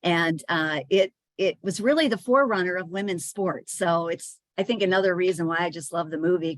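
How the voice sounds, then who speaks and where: A woman's voice: on the low side, dry recording. A woman giving a chatty presentation to sales leaders, with frequent fillers and small restarts.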